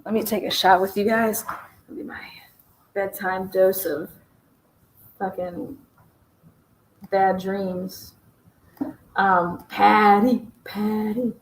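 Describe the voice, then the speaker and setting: A woman hosting a casual livestream, ranting in a profane, exasperated and sarcastic way, her voice slightly hoarse. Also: medium pitch, echoey room, rough recording. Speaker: true crime livestream host.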